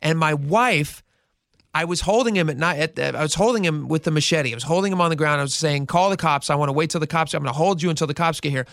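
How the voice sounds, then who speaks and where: A man with a fairly high, bright voice spins a news story on talk radio and acts out every quote. The sound is close and dry, with no room around it. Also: fast, creaky, dry recording. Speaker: radio show host.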